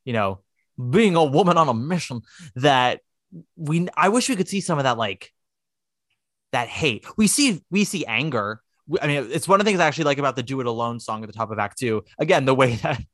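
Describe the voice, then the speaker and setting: Animated, profane man chatting. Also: mid-range voice, brisk, no echo, clean studio sound. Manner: animated, profane, acts out quotes in put-on voices. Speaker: podcast co-host. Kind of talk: casual chat.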